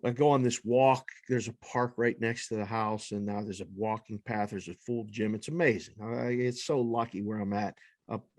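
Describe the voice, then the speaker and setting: A man hosting a casual sports podcast, leading the banter in an animated, profane way. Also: on the low side, normal speed, dry recording, studio quality. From lives in Las Vegas. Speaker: podcast host.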